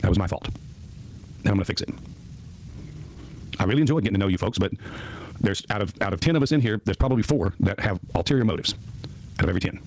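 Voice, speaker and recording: Fast-talking male streamer, lively. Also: lowish voice, slight background noise, rough recording. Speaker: live streamer. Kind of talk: rambling livestream monologue.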